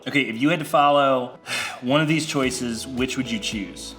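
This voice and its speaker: A young man with a bright, ringing voice talks to young people in a loose, joking way, stringing thoughts together with lots of "like." Soft music runs faintly underneath. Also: mid-range voice. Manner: playful, chatty, full of "like" fillers. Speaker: church youth speaker. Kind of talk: casual video talk to youth.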